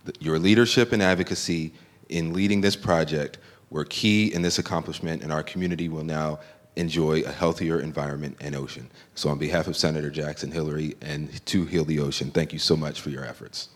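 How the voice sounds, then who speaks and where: A man's voice: extremely low pitch, steady tone, fairly quick. A man from a legislator's office presenting a formal recognition at a public meeting, with many filler uhs. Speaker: legislative staff representative. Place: public board meeting hall. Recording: long reverb of a meeting hall.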